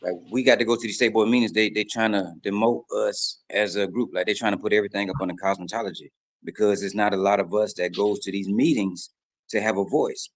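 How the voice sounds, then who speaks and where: A low-voiced man, speaking as a barber in a casual discussion. He keeps pressing his point, repeating key phrases for emphasis. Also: fairly even intonation, fast talker, rough recording. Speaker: barber guest.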